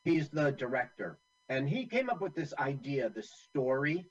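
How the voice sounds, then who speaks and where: A man's voice: medium pitch, sing-song, normal speed, husky, dull audio. A man co-hosting a casual movie commentary, chatty and full of film trivia. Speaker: co-host.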